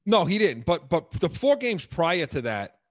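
A man co-hosting a sports talk show, his voice bouncing lively up and down as he argues his point with plenty of stops and restarts. He sits on the high side for a man. The sound is dry and close. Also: measured pace, dry recording. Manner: animated, emphatic, many restarts. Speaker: sports radio co-host.

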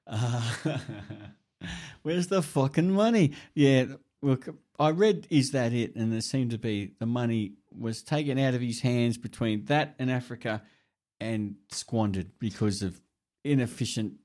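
A man's voice: medium pitch, unhurried, a little mellow. A middle-aged man talks in a loose, rambling way. He wanders through stories, drops swear words casually and laughs at himself mid-sentence. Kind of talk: casual chat.

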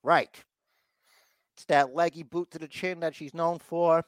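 A man's voice: on the high side, steady tone, unhurried, no room sound. A man co-hosting a podcast, recapping a wrestling show in casual chat and acting out the wrestlers' lines. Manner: acts out wrestlers' lines in mock voices. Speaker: podcast co-host.

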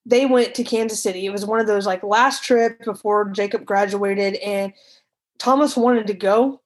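A woman telling a painful personal story in a casual, halting way, often restarting and repeating herself. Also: mid-range voice, fairly even intonation, rough recording. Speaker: storyteller recounting her past.

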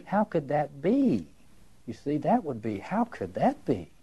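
Mellow, husky man lecturing emphatically. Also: fairly high pitch, wildly swooping pitch, a little slow, lo-fi sound. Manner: emphatic, musing, repeats words and poses rhetorical questions. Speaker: lecturer on literature and religion.

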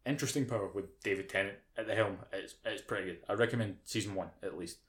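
A man's voice: on the low side, fast talker, a bit bright. A British man co-hosting a podcast, ranting casually with lots of swearing and mocking impressions. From United Kingdom. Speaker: podcast co-host. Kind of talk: casual chat.

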